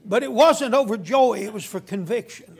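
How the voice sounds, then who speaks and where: A man's voice: high voice, moderate pace, creaky, slightly rough. A man preaching a sermon as a guest preacher, telling a story in a folksy storytelling way.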